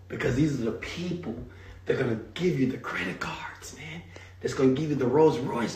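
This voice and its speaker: A man teaching a live seminar, talking straight to the audience in an animated, hype-driven way. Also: mid-range voice, fairly quick, roomy sound, recorded from a distance, slight background noise. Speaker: speaker teaching an online marketing seminar.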